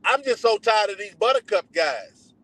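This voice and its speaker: A man with a Texan accent chats loosely into his phone from his parked car. His voice sits a little high and sounds dry and close, with no room echo. He talks in slang and rambles from one topic to the next. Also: big pitch swings, moderate pace, pushed and bright. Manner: loose, chatty, slangy, drifting between topics. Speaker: livestream host. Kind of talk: casual rambling livestream chat. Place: in a car at a donut shop drive-thru.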